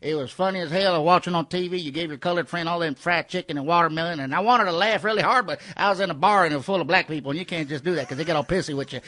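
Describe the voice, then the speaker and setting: A folksy Southern superfan rambles through an earnest, blunt apology, as a comedian acts him out. The voice is pitched a bit high for a man. He speaks with a raised, eager push. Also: racing, hardly any pauses, sharp tone. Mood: apologetic.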